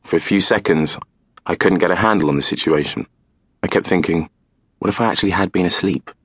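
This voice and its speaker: A man narrating a novel in the first person, calm and measured. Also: sits low, slightly rough, no room sound, clean studio sound. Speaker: audiobook narrator.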